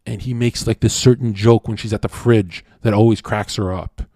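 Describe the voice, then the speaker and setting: Low-voiced crude cocky streamer man. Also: steady tone, moderate pace, warm tone, no room sound, clean studio sound. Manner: crude and cocky, heavy swearing, lectures the chat. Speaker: livestreamer talking to chat. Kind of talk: casual blunt stream monologue.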